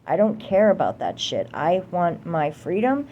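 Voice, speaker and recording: A woman's voice: fairly low pitch, wildly swooping pitch, unhurried, muffled recording, a little hiss or hum. A young American woman delivering a heated, profane political rant to camera, repeating herself for emphasis. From United States. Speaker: vlogger.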